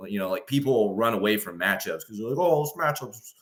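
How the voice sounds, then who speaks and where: A man's voice: lowish voice, fast talker, fairly bright tone. A young man talking casually as a podcast guest, rambling with lots of fillers and acting out his own inner voice. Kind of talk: casual chat.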